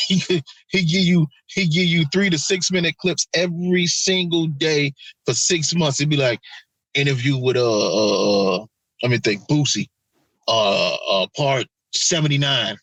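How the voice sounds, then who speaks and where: A man co-hosting a casual podcast chat, talking in an animated, profane way and acting out quotes. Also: fairly high pitch, normal speed, slightly rough, dry recording, poor audio. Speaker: podcast co-host.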